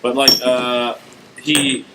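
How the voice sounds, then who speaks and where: A man co-hosting a podcast, talking in a loose and rambling way and dropping quiet on his asides. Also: medium pitch, flat delivery, takes it slowly, heavy background noise. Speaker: podcast co-host. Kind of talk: casual podcast chat.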